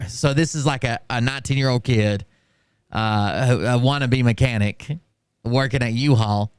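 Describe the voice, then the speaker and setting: A man casually telling a story on a stream, ranting in a profane and animated way. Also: medium pitch, normal speed, clear, resonant tone, dry recording. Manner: profane, animated, full of fillers and restarts.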